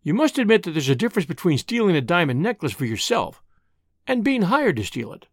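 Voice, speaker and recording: A spirited young woman full of schemes, as an audiobook reader puts her on, talking in a brisk, teasing way. Her voice swings lively up and down. The sound is dry and close. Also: medium pitch, dry recording. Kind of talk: audiobook reading.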